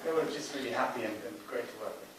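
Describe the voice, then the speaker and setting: A male film director answers questions from the floor, rambling along with plenty of ums and soft chuckles. He is picked up from well off the mic in a very echoey hall. A steady hiss runs underneath. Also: mid-range voice, rapid-fire, distant mic. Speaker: film director, festival guest. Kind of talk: audience Q&A answers. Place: cinema hall.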